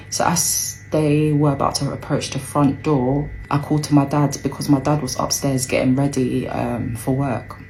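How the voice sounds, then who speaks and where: A young woman tells a personal story in a low, deep voice. She talks slowly and unhurriedly, hesitant with plenty of ums, and acts out what others said. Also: mellow, slight background noise, low-quality recording.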